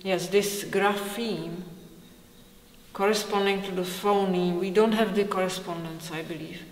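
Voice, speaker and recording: A woman with a Czech accent, a native Czech speaker, teaching pronunciation slowly and carefully, demonstrating each sound. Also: medium pitch, steady tone. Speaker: language teacher. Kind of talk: pronunciation lesson. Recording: roomy hall reverb.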